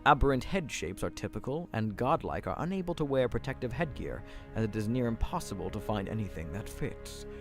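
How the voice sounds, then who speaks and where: A deep, hushed godlike being speaks slowly and solemnly, as a man puts the voice on. The tone is low, introspective and contemplative, with faint music underneath. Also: animated.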